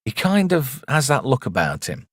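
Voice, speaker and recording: A man's voice: mid-range voice, wildly swooping pitch, normal speed, breathy edge, no echo, studio quality. A man giving a rambling, irreverent movie commentary and swearing freely. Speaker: movie reviewer. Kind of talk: casual film commentary.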